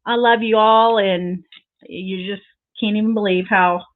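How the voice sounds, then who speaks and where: Lady crafter chatting live w viewers, gushy n rambly, slow, sounds like its thru a phone. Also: mid-range voice, fairly even intonation, phone-quality sound. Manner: gushing, sentimental, rambling with many fillers. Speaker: crafting livestream host. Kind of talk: casual live chat with viewers.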